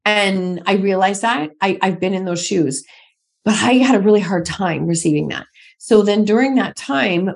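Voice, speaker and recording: A woman's voice: mid-range voice, creaky, husky. A middle-aged woman, a podcast guest, telling her own story candidly and emphatically, repeating phrases for stress.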